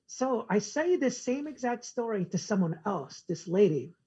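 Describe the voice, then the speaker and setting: A man's voice: sits high, sing-song, normal speed, warm tone, breathy edge, lo-fi sound. A man as a podcast guest, telling a personal story and acting out both sides of the conversation. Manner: acts out conversations in quoted dialogue. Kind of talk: casual storytelling interview.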